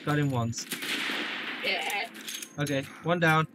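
A man giving let's play commentary on a shooter, jokey and taunting enemies with sudden shouts. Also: on the high side, expressive, slow pace, heavy background noise. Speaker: gameplay commentator.

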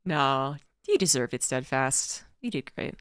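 A woman's voice: a bass voice, big pitch swings, a little slow, a bit bright, clear, resonant tone, dry recording, studio quality. A woman esports commentator in casual podcast chat, telling stories playfully and laughing often. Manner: playful storytelling, laughs often, acts out quotes.

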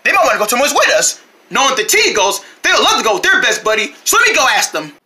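A woman voicing a cheerful, excitable male buddy character who gushes and repeats himself in a hobby character video. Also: fairly high pitch, rapid-fire, slight background noise. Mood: chatty. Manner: bubbly, gushing, repetitive.

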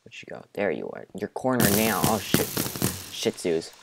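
A man's voice: fairly low pitch, very animated, moderate pace, gravelly, heavy background noise. A man giving live gameplay commentary, jumping from muttering and near-whispers to panicky outbursts. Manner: drops to a near-whisper at times. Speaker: gaming commentator.

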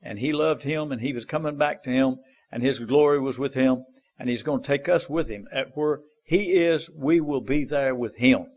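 A man's voice: medium pitch, normal speed, darkish tone. Earnest preacher man, folksy and repetitive. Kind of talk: informal sermon.

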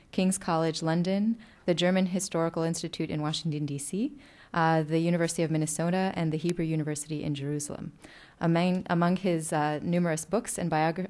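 A woman's voice: low-pitched, a little mellow. A woman moderating an event, reading speaker biographies with frequent fillers. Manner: reads bios with frequent fillers.

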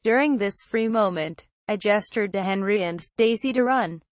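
A woman reading a first-person horror story aloud in a steady storytelling manner. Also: medium pitch, moderate pace, dry recording. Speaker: narrator. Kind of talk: scripted horror story narration.

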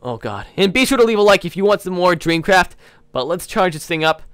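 A young man hosting a modded game, chatting excitably to viewers and slipping into playful villain role-play. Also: high-pitched, a little fast, clear, resonant tone, no echo. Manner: excitable, keeps addressing viewers as guys. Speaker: gaming channel host.

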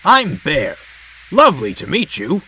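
A man's voice: medium pitch, sing-song, slow pace, low-quality recording. A man voicing a young, friendly male diesel engine who speaks eagerly in a raised voice.

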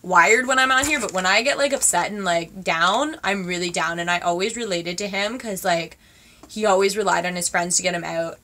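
A woman in her twenties chatting casually to her viewers as she unboxes gifts, gushing and excitable with lots of fillers. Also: fairly low pitch, moderate pace. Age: 20s. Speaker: vlogger.

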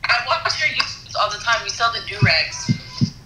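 A young woman on a video chat, blunt and teasing, getting excited. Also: on the high side, moderate pace, echoey room, slight background noise, low-quality recording.

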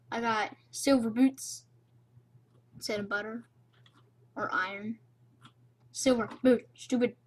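A young woman with a slightly high voice rambles playfully through her gameplay, talking half to herself. The sound comes from a cheap, low-quality microphone. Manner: rambling, playful, self-chatting. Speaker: gamer. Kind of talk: casual game commentary.

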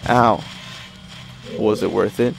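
A young adult man giving casual, profane running commentary on his own gameplay, with sudden excited exclamations. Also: on the low side, takes it slowly, gravelly. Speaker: let's play gamer. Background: game music.

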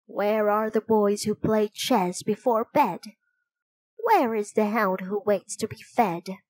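A woman voicing a frail, fearful old village woman with a cracked, feeble voice, chanting a rhyme slowly in a storybook reading. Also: medium pitch, animated, darkish tone, no room sound.

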